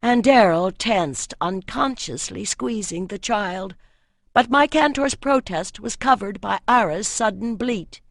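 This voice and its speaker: A woman narrating a fantasy audiobook at an unhurried, measured pace. Her reading is expressive and steady. The recording is dry and close. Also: medium pitch, gravelly, no room sound.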